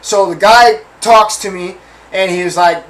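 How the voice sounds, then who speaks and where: A man with a high-pitched voice hosts a casual talk show, telling a personal story straight to his listeners. He talks in a chatty, slangy way and keeps checking in with them. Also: fairly even intonation, unhurried, a bit bright, rough recording. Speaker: host.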